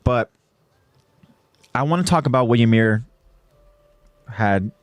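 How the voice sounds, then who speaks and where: A man's voice: medium pitch, animated, slow, dry recording. Casual podcast host man, dry close mic. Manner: chatty, self-correcting, asks "right?". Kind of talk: casual chat, recapping an anime episode.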